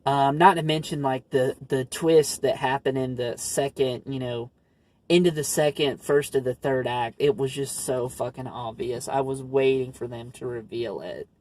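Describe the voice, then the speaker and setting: A man bluntly and sarcastically trashing movies in a casual chat, often pausing on fillers. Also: mid-range voice, fairly even intonation, a little mellow. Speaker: co-host.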